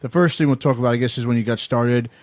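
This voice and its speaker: A man's voice: medium pitch, steady tone, fast, a little mellow, no room sound. Easygoing male podcast co-host. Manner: easygoing, laughs often. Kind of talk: casual chat.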